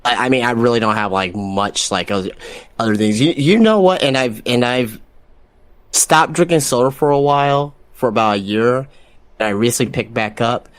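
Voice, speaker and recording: A man's voice: mid-range voice, normal speed, smooth, dry recording. A man guesting on a podcast, speaking hesitantly with stammering restarts. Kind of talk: casual podcast chat.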